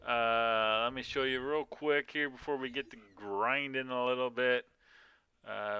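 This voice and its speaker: Streaming a mobile game from a room at home, a man chats casually with his viewers, rambling and often yawning and using filler words. His mid-range voice is steady, measured, bright and forceful, smooth, with no echo.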